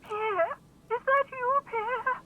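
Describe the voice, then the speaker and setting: Tearful elderly woman on a tinny phone line, high and wavering, slow. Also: noisy background. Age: older. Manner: tearful, quavering.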